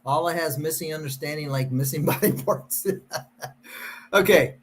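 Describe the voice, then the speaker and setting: Middle-aged male host, high-pitched, sarcastic casual reader. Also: unhurried, fairly bright tone, slight background noise. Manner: sarcastic, mocking. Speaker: show host. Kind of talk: casual chat, reading verses aloud.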